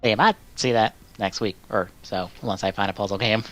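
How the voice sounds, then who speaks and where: A man hosting a live stream in casual chat, rambling with lots of filler words and swearing, and breaking into loud exasperated outbursts. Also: fairly low pitch, brisk, soft background music. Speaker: stream host.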